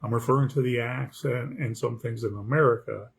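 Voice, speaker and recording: A man with a gravelly, husky voice talks through his thoughts on writing as an author. He rambles and restarts, and he keeps turning to the listener with a quick "okay?". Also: medium pitch. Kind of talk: casual talk on writing craft.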